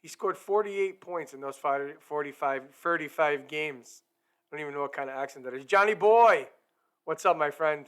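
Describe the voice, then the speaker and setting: A man hosts a live hockey talk stream, upbeat and chatty as he speaks straight to the people watching. His voice sits a bit higher than most men's. He comes through a streaming microphone. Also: steady tone, brisk, a bit bright. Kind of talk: casual live-stream chat.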